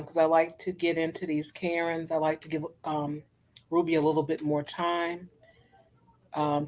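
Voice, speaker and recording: A woman hosting a casual chat show, talking in a chatty, animated way with African American English and sudden leaps in pitch. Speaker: host.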